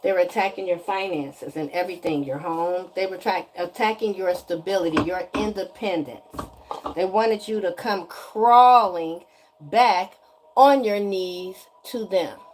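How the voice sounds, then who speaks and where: A woman's voice: lowish voice, a little slow, slight background noise. A woman giving a spiritual energy reading straight to the viewer in a sassy, chatty way, often asking "okay?". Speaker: tarot energy reader.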